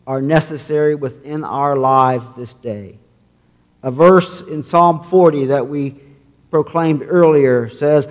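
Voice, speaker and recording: A male pastor preaching a sermon, measured as he reads scripture, with a long reverb in a sanctuary. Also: on the high side.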